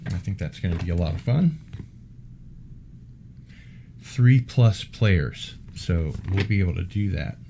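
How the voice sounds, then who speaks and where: A man hosting a casual unboxing video, talking in an unhurried way with wry asides. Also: sits low, animated, creaky, mellow, a little hiss or hum. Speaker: unboxing vlog host.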